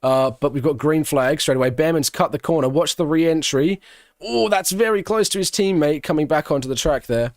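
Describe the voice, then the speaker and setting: A man's voice: a little high, normal speed, no echo, clean studio sound. A man streaming a live race watch-along, giving casual commentary and answering questions from his chat. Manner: chatty, answers chat questions, breaks into excited shouting at big moments.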